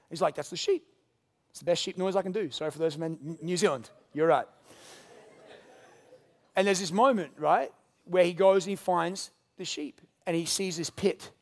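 A man preaching a sermon, swinging between loud emphatic lines and hushed quiet ones. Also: on the high side, gravelly. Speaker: pastor.

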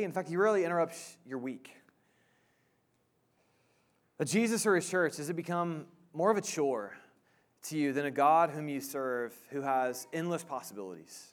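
A man in his thirties preaching a sermon as pastor, casual and halting, with many fillers and restarts. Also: fairly high pitch.

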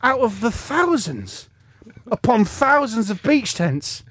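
A man's voice: very high voice, big pitch swings, slow pace, fairly bright tone, no room sound. A man co-hosting a podcast, telling long rambling holiday stories in casual chat with self-deprecating asides. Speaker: podcast co-host.

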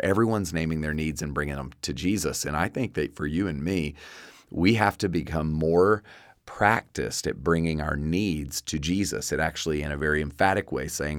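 A man preaching a sermon in an earnest, conversational way, often pausing with "uh" and restarting his phrases. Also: a bass voice, dry recording, studio quality. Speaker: pastor.

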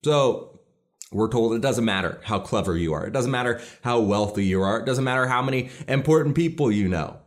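A man's voice: mid-range voice, lively intonation, brisk. Male pastor, mid-range voice, earnest and emphatic sermon delivery.

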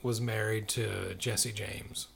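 A man's voice: fairly low pitch, fairly even intonation, slow, gravelly, a bit bright, a little hiss or hum. A man co-hosting a casual chat, joking and riffing on celebrity gossip.

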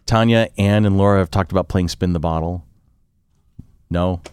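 A man's voice: low voice, moderate pace, a little mellow, clear, resonant tone. A man hosting a podcast, announcing upcoming events in a chatty, jokey way. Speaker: podcast host. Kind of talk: casual podcast chat.

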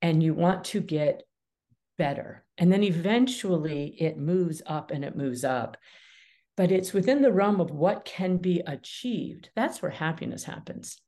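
A middle-aged woman, a guest mediator and author, talking with animated energy in a podcast interview and laughing often. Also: on the low side, measured pace. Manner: lively, animated, laughs often, acts out dialogue.

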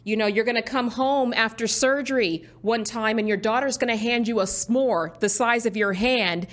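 A woman's voice: a little high, moderate pace. A woman hosting a political talk show, chatting with a guest in an enthusiastic, rallying way. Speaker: show host.

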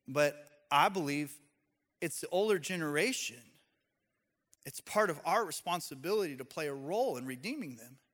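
A man preaching a sermon, an animated storyteller who speaks straight to his congregation. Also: fairly high pitch. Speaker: pastor.

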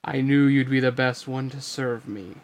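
A man voicing a sinister male dark lord, cold and commanding. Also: mid-range voice, steady tone, moderate pace, natural voice. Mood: menacing.

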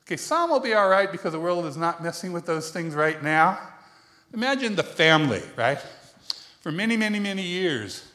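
Chatty man preaching with lively pitch. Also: normal speed. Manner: chatty and self-deprecating, laughs often, asks the congregation questions. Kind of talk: conversational sermon.

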